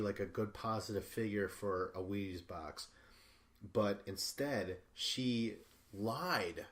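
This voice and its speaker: A male podcast host talking alone in a loose, rambling recap, swearing freely and stumbling through fillers and restarts. His voice sits fairly low. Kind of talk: casual solo recap.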